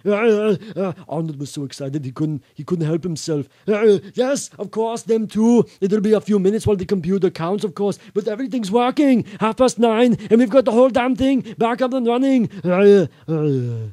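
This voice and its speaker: A man putting on a bragging Austrian-accented action hero, stammering and ad-libbing, mellow and fairly high, dry sound. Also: lively intonation, no room sound, natural voice. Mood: excited. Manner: halting, full of stammered fillers and ad-libs. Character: boastful male action-star bodybuilder, excitable and rambling. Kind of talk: comic impression reading a novel aloud.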